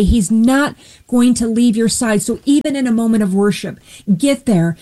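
A woman's voice: a little high, dark tone, rough recording. A woman earnestly sharing a personal faith testimony and retelling a Bible story with voiced dialogue.

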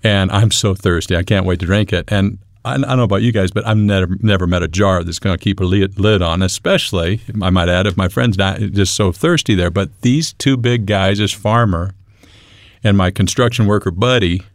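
A man recounting his own ordeal as a guest, earnest and halting with touches of humor. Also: low-pitched, dry recording, clean studio sound. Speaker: guest telling his story. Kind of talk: personal testimony storytelling.

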